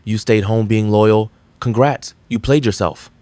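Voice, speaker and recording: Male reaction commentator, low-pitched, dry and blunt. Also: steady tone, unhurried, warm tone, dry recording. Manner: blunt, mocking. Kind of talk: scripted commentary.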